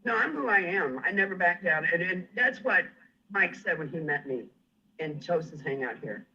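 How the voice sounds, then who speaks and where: Furious and defiant, this livestream guest curses and makes threats, flatly refusing to back down. His high-pitched voice is expressive, pushed, bright, and slightly rough, at a normal speed, and the stream sounds muffled.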